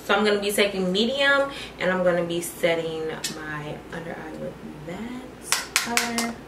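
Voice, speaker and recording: A woman's voice: lowish voice, lively intonation, a little slow. Chatty young woman in an echoey room. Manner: chatty, addresses viewers as y'all and girl. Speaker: beauty vlogger. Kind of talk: casual makeup tutorial chat. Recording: echoey room, faint noise.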